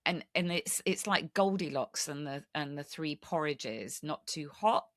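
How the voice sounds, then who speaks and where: A woman's voice: deep voice, expressive, unhurried, dry recording, studio quality. A woman hosting a podcast, speaking candidly and reflectively about her own experiences. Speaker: podcast host. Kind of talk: conversational podcast interview.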